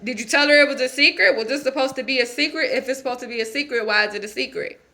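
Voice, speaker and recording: A woman's voice: sits high, fast, gravelly, pushed and bright, exaggerated voice. A woman playing a defiant young foster girl in a character monologue, ranting in a confrontational, rambling, profane way.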